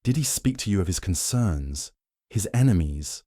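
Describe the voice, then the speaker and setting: Here is a man playing a shrewd, stern older detective in an audiobook. He presses hard with pointed, commanding questions in a deep voice, set a little higher than his narration, in a dry, close sound. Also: lively intonation, normal speed, dark tone, dry recording.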